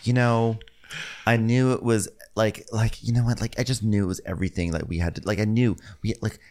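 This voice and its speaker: A man's voice: on the low side, fairly even intonation, fairly quick, a little mellow. A man co-hosting a comedy podcast, telling a reality show recap with playful acted-out quotes. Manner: playful storytelling, acts out quotes, laughs often. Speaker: podcast co-host.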